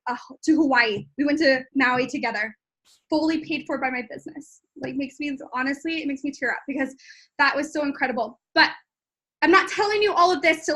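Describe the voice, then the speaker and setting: A woman in her twenties, a business coach talking excitedly to viewers in a live stream, gushing with lots of likes and ums. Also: sits high. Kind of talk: live-streamed sales talk.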